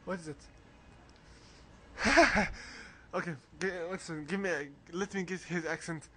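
Slow, bright-voiced man narrating a walkthrough. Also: high voice, a little hiss or hum. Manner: rambling, coughs often, reads game text aloud. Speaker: let's play host. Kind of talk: casual game walkthrough commentary.

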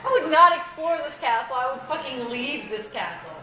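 A woman's voice: high-pitched, lively intonation, normal speed, sharp tone. A young woman playing a horror game for the first time, reacting bluntly and crudely. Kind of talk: casual gaming commentary. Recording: roomy room with faint noise.

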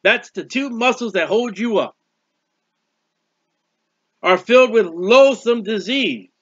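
A man's voice: high-pitched, takes it slowly, breathy edge, no room sound, muffled recording. A man preaching a sermon, reading scripture aloud and explaining it, drawing out words for emphasis. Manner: expressive Bible reading with commentary, stretches words.

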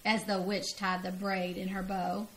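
A woman's voice: mid-range voice, unhurried. A grandmother reading a children's storybook aloud expressively, laughing and leaping up on the cries. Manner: expressive, laughing, big vocal jumps on cries.

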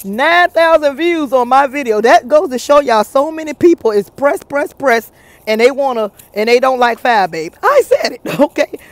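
A woman talking casually to her viewers in a gossip vlog, animated and chatty, recorded outdoors. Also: high-pitched, moderate pace, dry recording. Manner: animated, chatty, laughs often, addresses viewers as y'all. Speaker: YouTube commentator.

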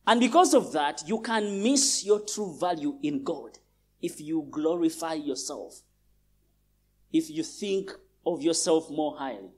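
A man's voice: fairly high pitch, animated, a little slow, breathy edge. A male pastor from Uganda preaching a sermon in a large church, emphatic and repeating phrases for stress.

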